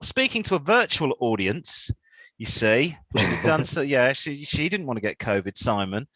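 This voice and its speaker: Male co-host, sardonic news banter, animated swings in pitch, dry close recording. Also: moderate pace, no echo, poor audio. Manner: sardonic, laughing, reads news items aloud with mocking asides. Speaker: podcast co-host. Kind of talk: casual banter reading news.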